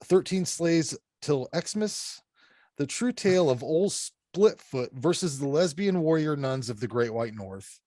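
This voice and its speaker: A man co-hosting a podcast, talking bluntly and ranting with plenty of swearing and quick laughs. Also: on the high side, animated, darkish tone, no room sound, clean studio sound. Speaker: podcast co-host reviewing horror films. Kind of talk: casual profane chat.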